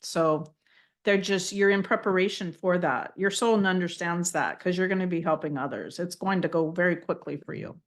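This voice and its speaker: Low-voiced woman relaying gentle channeled messages. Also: moderate pace. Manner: gentle and affirming, repeats phrases as she relays messages. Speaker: psychic channeler giving a reading. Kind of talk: live channeled spiritual reading.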